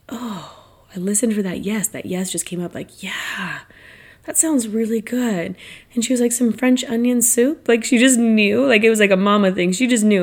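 A woman's voice: mid-range voice, fast talker, a little mellow. Chatty reflective woman podcaster. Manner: chatty, reflective, frequent "like" and "right?". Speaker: podcast host. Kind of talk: casual monologue.

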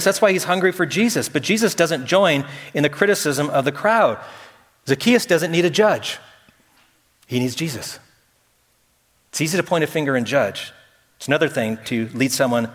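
Give me a male pastor preaching a conversational, emphatic sermon in a reverberant church. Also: fairly high pitch. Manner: conversational, emphatic, acts out quotes. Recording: echoey hall.

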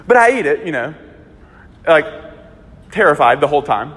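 A man's voice: sits high, fairly quick, pauses often. Man preaching in a reverberant hall. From small town in Alabama. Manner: conversational and animated, acting out voices in Bible stories and anecdotes. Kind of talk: sermon. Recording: long reverb of a large hall.

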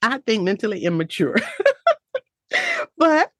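A woman's voice: mid-range voice, lively intonation, measured pace, no room sound, studio quality. A woman giving a heartfelt, faith-filled motivational talk in an earnest, reflective way.

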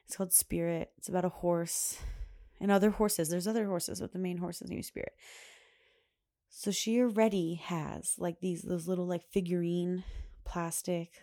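A woman with a warm, lowish voice and fairly even intonation speaks at a moderate pace. A mother and podcast host, she tells a family story in casual, rambling chat, laughing often and filling gaps with "like."

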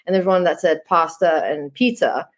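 A woman's voice: on the low side, animated, brisk. A young adult woman, a podcast guest, chatting casually and telling stories with lots of fillers and laughs. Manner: chatty, storytelling, laughs often, many fillers. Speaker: guest, Olympic hockey player.

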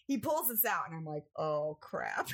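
A young woman in casual storytelling on a podcast, animated and acting out family members as she goes. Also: fairly quick, slightly rough. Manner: animated, acts out family members with big pitch jumps. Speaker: podcast co-host.

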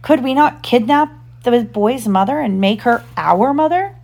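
Smee: squeaky, eager bumbling pirate mate in a read-aloud tale, done by a woman. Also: animated, measured pace, vocal fry, a little mellow, exaggerated voice. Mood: blustery. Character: bumbling adult male pirate sidekick.

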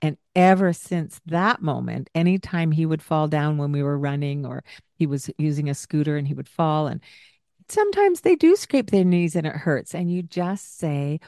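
Lower-voiced woman telling a parenting story. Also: normal speed, dry recording, studio quality. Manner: animated, acts out what she and the child said. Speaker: podcast host and childcare provider. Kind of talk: casual storytelling with parenting advice.

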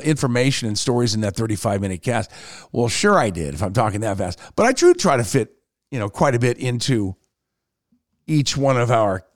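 A man hosting his own podcast, telling stories in a casual, animated way with quick swings in tone. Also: medium pitch, dry recording, clean studio sound. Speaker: podcast host. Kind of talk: casual solo podcast talk.

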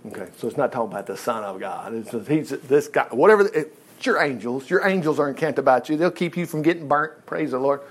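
A man's voice: mid-range voice, fast, breathy edge. A male Baptist pastor, telling a Bible story in a folksy, joking sermon. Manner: folksy, animated storytelling, jokes.

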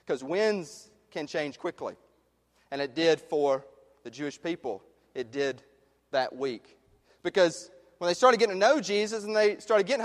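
A man preaching a sermon as pastor, passionate, rising to loud emphasis and dropping to hushed questions. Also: a little high, expressive, a little slow. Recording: long reverb of a large hall.

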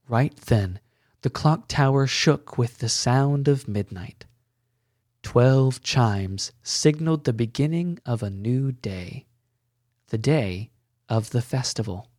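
A man hosting a podcast, narrating a story in a gentle, measured way. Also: medium pitch, no echo, clean studio sound. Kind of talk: scripted narration.

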